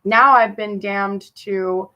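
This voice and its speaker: A woman venting to her camera at her sister, bitter and profane, her voice dropping low or flaring hot. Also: steady tone, slow, lo-fi sound. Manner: swings between muttering and heated outbursts. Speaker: vlogger addressing her sister. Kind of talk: personal rant to camera.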